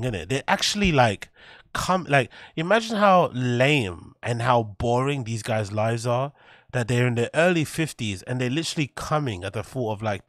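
A man's voice: medium pitch, dry recording, clean studio sound. A man giving casual reaction commentary as a streamer, blunt and scornful, swearing freely.

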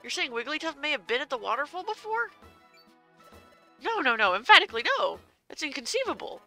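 A woman's voice: high-pitched, sing-song, fairly quick, bright, forceful tone, faint music behind, full character voice. A woman voicing a fussy pompous bird steward. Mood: dismissive. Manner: bossy, emphatic, formal. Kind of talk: reading game dialogue aloud.

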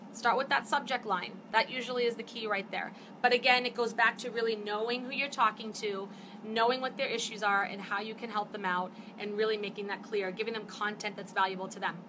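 A woman's voice: medium pitch, noisy background. A woman in her fifties, host of a live stream, talking casually and chattily to viewers and getting fired up as she goes. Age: 50s. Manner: chatty, animated, gets fired up. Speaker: network marketing host. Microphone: phone or webcam for a live stream.

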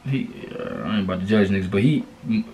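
A man's voice: lowish voice, fast, darkish tone, slight background noise. A young man co-hosting a casual couple challenge video, slangy and profane, coaxing and reassuring his partner. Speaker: vlogger co-host.

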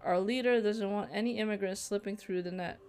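A smug sea patrol leader in a narrative game boasts of his work with quiet menace, as a woman reads him out in her own voice. The delivery is even and self-satisfied. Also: medium pitch, fairly quick, clean tone, soft background music, natural voice.

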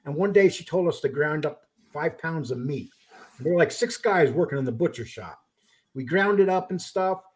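A man hosting a live online chat, joking, laughing easily and telling rough stories. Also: fairly high pitch, a little mellow. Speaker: live stream host. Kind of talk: casual chat.

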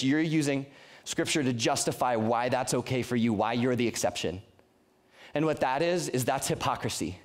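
A man's voice: mid-range voice, moderate pace. A young man preaching a youth sermon in an earnest, conversational way, often restarting his sentences. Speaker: youth pastor.

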